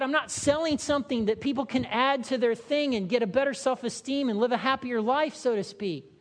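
This woman pastor's voice is fairly high and a little fast as she preaches in a chatty style, putting questions to the congregation and performing short voices. The recording carries long hall reverb.

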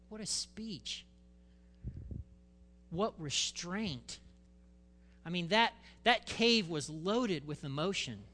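A male pastor preaching a sermon, reading scripture and retelling it with animated, dramatic emphasis. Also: sits high, slow pace, pauses often, big-room sound.

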